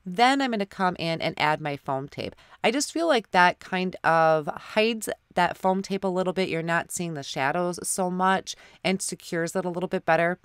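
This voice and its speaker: A woman's voice: fairly low pitch, moderate pace, few pauses, clean tone, dry recording, studio quality. Stuffed-up woman narrating a craft tutorial. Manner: apologetic, step-by-step explaining. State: stuffy nose from a head cold. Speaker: card-making channel host.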